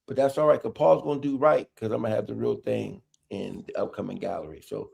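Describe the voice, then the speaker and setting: A man's voice: on the low side, fast talker, vocal fry, darkish tone, slightly rough. A man co-hosting a casual group chat, teasing and pleading in playful banter. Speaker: podcast co-host.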